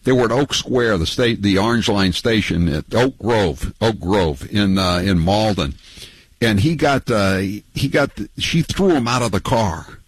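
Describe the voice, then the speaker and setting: A man's voice: fairly low pitch, a little slow, slightly rough, no room sound, rough recording. A man hosting a call-in radio show, telling rambling, mocking stories between callers. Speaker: talk radio host. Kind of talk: casual call-in radio chat.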